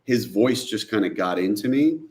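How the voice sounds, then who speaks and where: A low-voiced man from New Jersey recounts his past as an interview guest. He tells it with animation, slipping into the voices of people he quotes. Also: expressive, moderate pace, a little mellow. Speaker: guest, author and film director. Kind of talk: candid storytelling interview.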